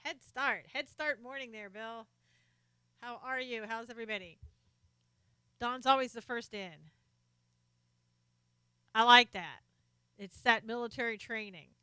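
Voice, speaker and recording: A woman's voice: fairly high pitch, measured pace, long pauses, bright, forceful tone, smooth, dry recording. A middle-aged woman hosting a casual live stream, chatting as she reads out viewers' names and comments, sometimes turned away from her desk mic. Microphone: desk microphone, sometimes off-axis.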